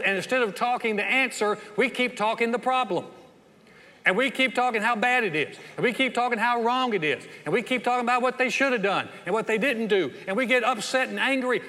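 A man with a Southern US accent preaching a sermon in a folksy, animated way, often asking the congregation questions. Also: high voice, in a large hall. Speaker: pastor.

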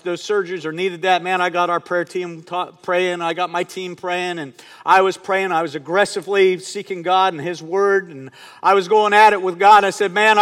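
A pastor in his fifties with a high, slightly bright voice delivers a sermon in a conversational, storytelling style, often turning to the congregation with questions. A long reverb from a large hall trails his voice.

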